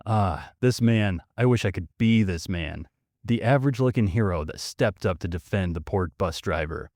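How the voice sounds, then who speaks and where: A man's voice: deep voice, animated, moderate pace, darkish tone, no room sound, clean studio sound. A man hosting a podcast, reading a story aloud with sardonic, mocking asides. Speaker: podcast host.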